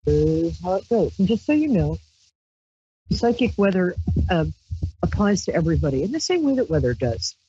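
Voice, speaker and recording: A Brooklyn, New York woman with a fairly low, mellow, sing-song voice talks at a moderate pace, hosting a psychic call-in radio show and reading tarot cards on a handheld mic. She's rambling, chatty and playful, with squealed exclamations. The dull, dry lo-fi stream audio carries a little hiss or hum.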